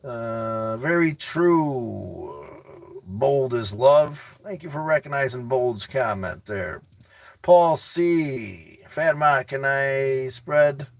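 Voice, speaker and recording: A man hosting a casual livestream, reading chat aloud and rambling excitably with motivational talk, often repeating his words. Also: mid-range voice, very slow, vocal fry, dry recording, low-quality recording. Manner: addresses viewers by name, teasing.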